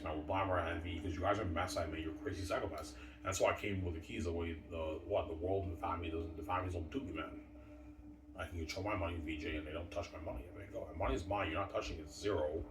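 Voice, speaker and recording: A man's voice: low voice, steady tone, quick pace, background noise. A man ranting in a rambling, profane, aggrieved solo monologue. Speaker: vlogger. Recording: echoey room, far from mic.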